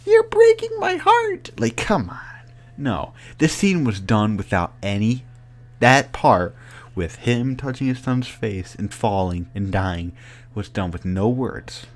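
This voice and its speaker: A man giving a casual spoken movie review, excited and rambling with many filler words. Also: on the low side, measured pace.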